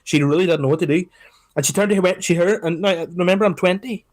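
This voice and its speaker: A young man tells a story on a podcast. He is animated and swears freely. He often slips into the voices of the people he describes. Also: high-pitched, fast talker. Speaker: podcast co-host. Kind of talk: casual storytelling chat.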